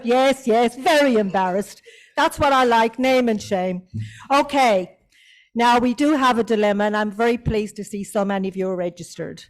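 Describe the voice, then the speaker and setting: A woman's voice: a little high, poor audio. An Australian woman, a committee chair, addresses a club meeting in a hotel function room, teasing and coaxing the audience. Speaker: convention committee chair giving an update.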